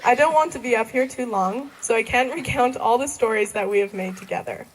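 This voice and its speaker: Teen girl graduate, higher voice, reading heartfelt thank-yous with frequent nervous giggles. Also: fairly quick, low-quality recording. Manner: giggly, laughing often between sentences. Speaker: graduating student. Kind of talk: graduation thank-you speech.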